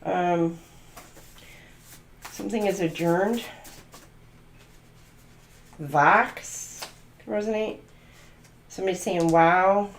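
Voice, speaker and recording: A woman's voice: on the low side, drawn-out words, pauses often, echoey room. A woman doing a channeled tarot reading, musing aloud and free-associating letters, numbers and words. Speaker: tarot reader.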